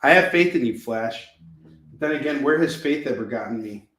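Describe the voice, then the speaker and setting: A man's voice: medium pitch, lively intonation, moderate pace, fairly bright tone. Joking man hosting a live comic sale. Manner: joking, sarcastic banter with viewers. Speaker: host of a live comic-book sale show. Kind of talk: casual live selling chat. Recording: echoey room.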